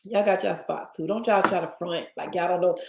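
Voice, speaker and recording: A woman's voice: fairly low pitch, brisk, gravelly, noisy background. A woman with a Southern US accent hosting a casual chat show, rambling and talking straight to listeners as y'all. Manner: chatty, addresses listeners as y'all, rambling asides. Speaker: host. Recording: echoey room.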